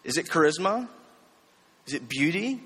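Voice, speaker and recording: A man's voice: fairly high pitch, big pitch swings, normal speed, fairly bright tone, breathy edge. Chatty male preacher in a reverberant hall. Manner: casual, with frequent rhetorical "right?" checks and light self-deprecating jokes. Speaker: preacher teaching a series. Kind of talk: conversational sermon.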